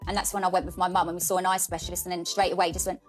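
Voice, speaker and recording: A woman in her twenties or thirties talks very fast as a podcast guest. She tells candid stories about her son and keeps the telling animated and chatty. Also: lowish voice, soft background music. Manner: chatty, animated, quotes people in lively voices. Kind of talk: candid storytelling conversation.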